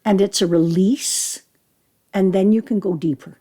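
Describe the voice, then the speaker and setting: An older woman, an actress and storyteller, chatting in an interview and telling lively anecdotes about her acting. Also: medium pitch, unhurried. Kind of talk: casual interview chat.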